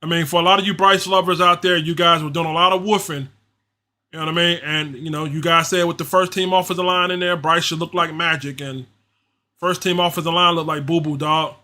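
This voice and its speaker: Frustrated and ranting, a livestream host does casual play-by-play for fans, using slang and repeating himself. He talks a little fast in a sharp, highish voice with fairly even intonation.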